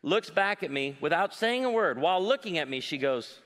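A man in his forties performs live stand-up, animatedly telling stories and doing voices for the people he quotes. His voice is fairly high and his pace moderate, with a long hall reverb on the recording.

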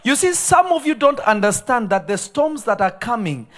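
A man preaching a live sermon in a church, animated and laughing often, dropping to hushed asides and rising to shouted emphasis. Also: extremely high pitch, normal speed. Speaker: pastor. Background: faint congregation responses.

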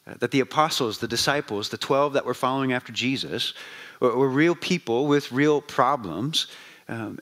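A man with a voice gone hoarse and low delivers a relaxed, chatty sermon to his congregation. He talks with plenty of uhs and restarts, at a middle pitch. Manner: conversational, many fillers. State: voice lower than usual, hoarse. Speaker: pastor.

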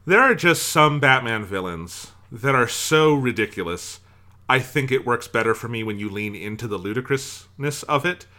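Bright-voiced animated man. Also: medium pitch, normal speed. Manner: animated, profane, stumbles and restarts. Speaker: podcast co-host. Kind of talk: casual film discussion.

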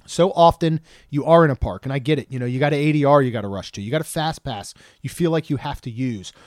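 A man's voice: mid-range voice, fast, a little mellow, dry recording, studio quality. A man in his thirties co-hosting a podcast, chatting casually and joking, rambling with frequent restarts. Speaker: podcast co-host.

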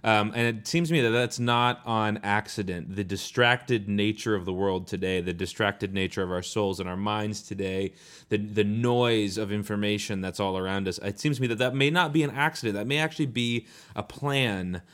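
A man's voice: fairly low pitch, fairly even intonation, normal speed, a bit bright. A man co-hosting a reflective faith discussion, earnest and thoughtful, often searching for words as he talks. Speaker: podcast co-host.

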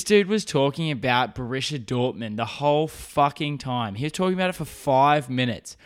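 A man's voice: medium pitch, lively intonation, moderate pace, few pauses, smooth. A young man hosting a podcast, telling a story in a rambling, profane, self-mocking way. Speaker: podcast host. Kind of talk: casual solo storytelling.

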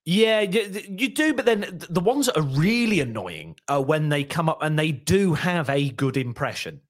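A man's voice: on the high side, normal speed, no echo, clean studio sound. A man, a comedian and impressionist, chatting on a podcast and slipping into voices as he talks. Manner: lively storyteller, slips into voices mid-sentence. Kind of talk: casual podcast chat.

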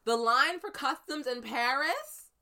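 A woman from the United States telling a story in casual chat, lively and animated, acting out the voices she quotes. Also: sits high, unhurried.

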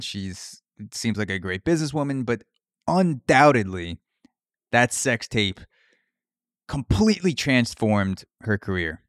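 A man's voice: mid-range voice, no room sound, clean studio sound. A man hosting a podcast, riffing through a profane comedic solo monologue. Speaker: podcast host.

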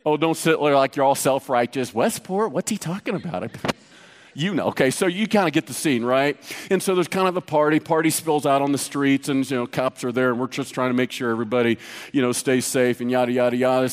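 A man's voice: medium pitch, fast talker, clean tone, in a large hall. A middle-aged male pastor preaching a sermon, telling a personal story in a conversational, teasing way.

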